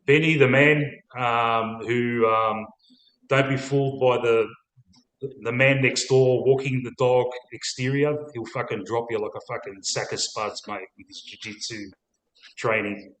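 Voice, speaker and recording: A man's voice: medium pitch, steady tone, measured pace, fairly bright tone. Swearing Australian man hosting in an echoey room. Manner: matey, swears freely. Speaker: host. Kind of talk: casual live stream chat.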